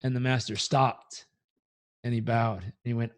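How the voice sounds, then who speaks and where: A man's voice: medium pitch, normal speed. A man, a motivational coach, telling a story in an interview and acting out the characters. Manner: animated storyteller, acts out the characters. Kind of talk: conversational storytelling.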